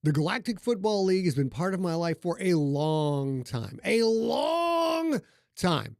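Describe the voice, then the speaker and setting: A man with a slightly higher voice hosts a podcast, swearing freely and joking in animated bursts. He speaks close to a studio mic in a dry room. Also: normal speed, no echo. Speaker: podcast host and author. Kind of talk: casual podcast chat.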